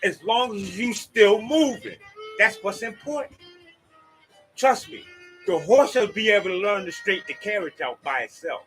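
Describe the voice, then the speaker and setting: A man's voice: sits high, lively intonation, moderate pace, a bit bright, faint music behind, rough recording. A man hosting a rambling, preachy monologue, swearing and talking to his listeners as y'all. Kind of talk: casual spoken monologue.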